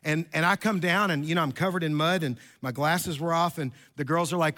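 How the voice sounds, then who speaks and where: A man's voice: fairly high pitch, fairly quick, few pauses, pushed and bright. A pastor in his fifties giving a sermon in a chatty, joking storytelling way with many restarts.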